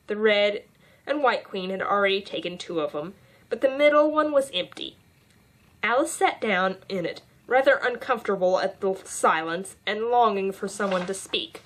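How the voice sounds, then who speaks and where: A woman's voice: medium pitch, fairly bright tone. A woman narrating an audiobook as a volunteer reader, with occasional stumbles and restarts.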